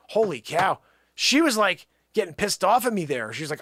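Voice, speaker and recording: A man hosting a comedic live show, bantering and joking in an animated, over-the-top way, pleading and rambling on a pretend call. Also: sits high, normal speed, no room sound, studio quality. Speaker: livestream host.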